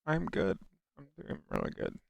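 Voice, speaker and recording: A man's voice: a little high, huge pitch swings, moderate pace, creaky, no echo. A young American man casually chatting on his live stream, reading viewers' questions aloud and answering them with frequent restarts. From United States. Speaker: livestreamer.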